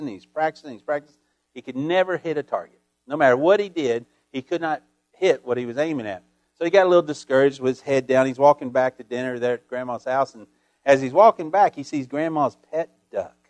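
A man's voice: mid-range voice, darkish tone, no room sound. A male pastor preaching a sermon, reading scripture and telling folksy stories with frequent calls of "Amen?".

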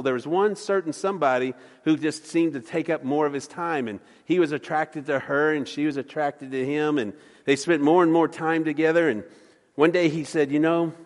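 Joking folksy preacher in a reverberant hall. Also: male voice, fairly high pitch. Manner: joking, folksy, stammers and repeats words. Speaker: pastor. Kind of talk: sermon with jokes. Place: church sanctuary.

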